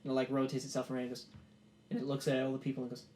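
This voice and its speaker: Echoey game master narrating casually. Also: male voice, mid-range voice, completely flat delivery, racing, a little mellow, a little hiss or hum. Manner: loose, filler-heavy narration with frequent "like".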